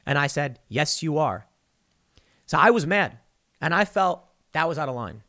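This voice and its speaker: A male podcast host giving a heated monologue, animated and stammering often as he restarts his sentences. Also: a little high, normal speed. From United States.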